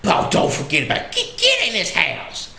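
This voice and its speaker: A man's voice: huge pitch swings, gravelly, pushed and bright, full character voice. Man doing a sweet old Southern lady. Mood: hospitable. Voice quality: high, thin voice with a slow drawl. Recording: echoey room.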